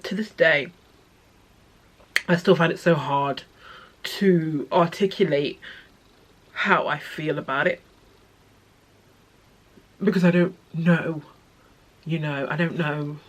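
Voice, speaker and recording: Tearful, husky-voiced woman vlogging. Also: low voice. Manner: tearful, halting, many restarts and fillers. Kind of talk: personal vlog, emotional storytelling.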